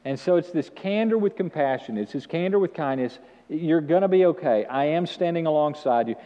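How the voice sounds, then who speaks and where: Lively pastor preaching in church, slightly high voice, muffled sound with a long hall echo. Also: male voice, fairly quick. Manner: animated, call-and-response preaching. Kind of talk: sermon.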